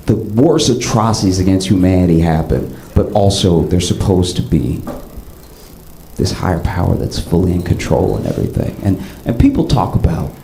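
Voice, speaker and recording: A male stand-up comedian telling stories with animated swings up into excited bits, on a comedy club stage. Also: moderate pace, reverberant, slight background noise, rough recording. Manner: animated storytelling, jumps up high into excited bits.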